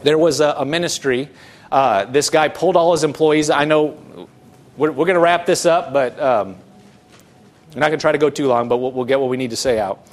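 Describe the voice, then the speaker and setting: A middle-aged pastor with a high voice preaches in an easy, conversational way. He is earnest, poses rhetorical questions to his listeners, and often restarts his sentences. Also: fairly quick. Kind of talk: conversational sermon.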